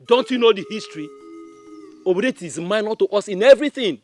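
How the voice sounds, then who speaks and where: A man's voice: high voice, animated, fast talker, a little mellow, faint music behind. A man playing a proud, hostile village chief who mocks and challenges his visitor. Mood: scornful. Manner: scornful, mocking.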